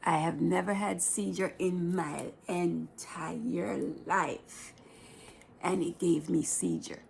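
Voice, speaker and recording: In a personal vlog, a woman with a Jamaican accent tells her own life story in a plain-spoken, unhurried way, often slipping into a breathy whisper. Her voice is lowish with fairly even intonation, and there's a little hiss or hum.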